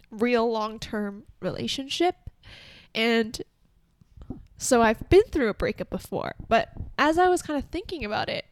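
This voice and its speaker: Chatty young woman podcasting, slightly high voice. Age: early 20s. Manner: rambling, restarts mid-sentence. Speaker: podcast host. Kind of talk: casual solo podcast talk.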